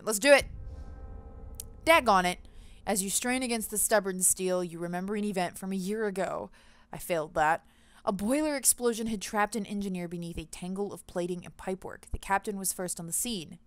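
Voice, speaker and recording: A woman hosting a let's play, reading the game's story text aloud and chatting excitedly about it between passages. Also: medium pitch, clear, resonant tone, no echo. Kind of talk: casual gameplay commentary, reading game text aloud.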